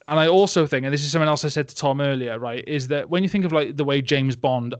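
A man's voice: a little high, dry recording. Young guy ranting about a movie, rambly and sarky, dead dry mic. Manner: rambling, sarcastic, laughing, mocking voices. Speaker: podcast host. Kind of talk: casual film-review chat.

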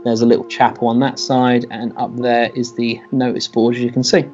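Male game master, relaxed narration, faint music behind, muffled recording. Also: mid-range voice, brisk. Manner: loose, relaxed narration with fillers.

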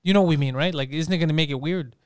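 A podcast co-host tells a crude, animated story at a rapid clip. He is a man with a fairly high voice, and he slips into voices for the people in his tale. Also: clear, resonant tone, no echo, studio quality. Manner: animated, profane, acts out voices in anecdotes. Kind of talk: casual comedic storytelling.

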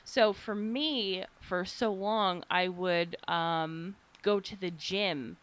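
A young American woman co-hosting a relaxed podcast. Her voice sits a little low, and she rambles through stories with frequent laughter and casual swearing. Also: slow pace, highs cut off, crowd noise. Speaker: podcast co-host. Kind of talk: casual chat.

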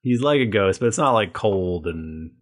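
A man narrating a tabletop game as game master, halting, with many fillers. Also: on the low side, lively intonation.

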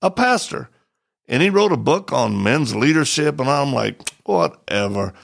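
In an unhurried, gravelly mid-range voice, a middle-aged man hosting a podcast tells a story during a casual chat. He's animated and acts out the quoted voices.

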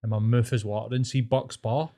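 A man's voice: medium pitch, fairly even intonation, fairly quick, dark tone. A Scottish man co-hosting a podcast, chatting in enthusiastic, sweary banter. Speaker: podcast co-host. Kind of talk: casual chat.

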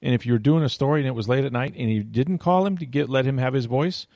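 A man's voice: medium pitch, fast, dark tone, no room sound, clean studio sound. A middle-aged man hosting a casual podcast chat, rambling through stories with frequent restarts and laughs. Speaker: podcast host.

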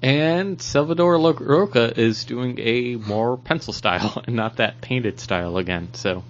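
A man's voice: medium pitch, measured pace. A man co-hosting a podcast, joking around and laughing often while talking about comic books. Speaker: podcast co-host. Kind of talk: casual comic book discussion. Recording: dull lo-fi podcast audio.

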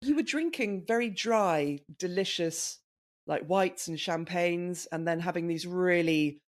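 An enthusiastic co-host on a chat podcast, playful and warm toward the guest. The voice sits at a middle pitch and moves through easy, conversational talk. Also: measured pace. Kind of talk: casual chat.

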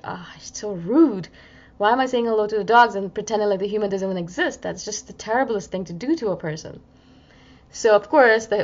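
A woman talking through a casual reflective podcast monologue, chatty and acting out inner voices. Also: mid-range voice. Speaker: self-help podcaster. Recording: slightly dull lo-fi audio.

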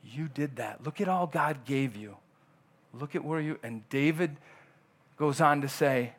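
A man's voice: mid-range voice, measured pace. A male pastor delivering a conversational sermon in church, often acting out quoted dialogue.

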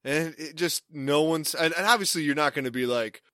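Bright-voiced young man telling a rambling story. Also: fairly high pitch, normal speed, clear, resonant tone, no echo, studio quality. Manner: rambling, self-interrupting storyteller. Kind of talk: casual storytelling chat.

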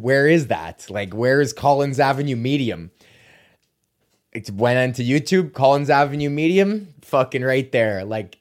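A man hosting his own podcast in a casual rambling monologue, swearing often and restarting sentences. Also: medium pitch. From Canada. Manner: profane, rambling, with many restarts. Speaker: podcast host.

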